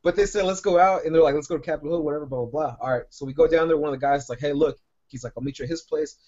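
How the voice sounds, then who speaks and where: A man's voice: fairly high pitch, very fast, darkish tone, muffled recording. A man co-hosting a podcast, telling a long rambling story full of profanity in casual chat. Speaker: podcast co-host.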